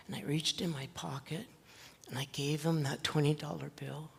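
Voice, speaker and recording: A male pastor preaching a sermon, telling a story slowly and earnestly with dramatic pauses. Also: on the high side, fairly even intonation, vocal fry, husky. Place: church sanctuary. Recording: long church reverb.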